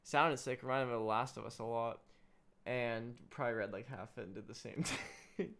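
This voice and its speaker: A man's voice: medium pitch, fairly quick, vocal fry, a bit bright. A young man co-hosting a casual podcast chat, laid-back and tired, swearing freely and calling people bro. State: tired, yawning. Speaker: podcast co-host.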